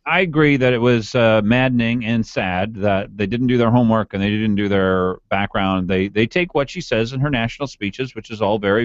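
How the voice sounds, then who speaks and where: A man's voice: fairly low pitch, normal speed, few pauses, no room sound. Male radio co-host, easygoing and questioning, muffled dry broadcast. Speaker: radio talk show co-host. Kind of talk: talk radio conversation. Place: radio studio.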